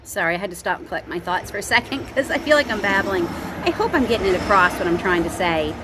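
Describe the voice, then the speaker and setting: A woman's voice: mid-range voice, lively intonation, fast, noisy background. A middle-aged woman from Canada, talking earnestly outdoors at her home as a homestead vlogger, rambling with many ums and restarts. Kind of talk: casual heartfelt talk to camera.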